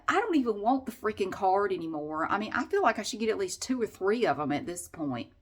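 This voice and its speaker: A woman telling a funny story as a rant to her vlog audience, exasperated and animated. She swings between loud outbursts and low muttered asides. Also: fast talker, hardly any pauses, slightly rough. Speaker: vlogger.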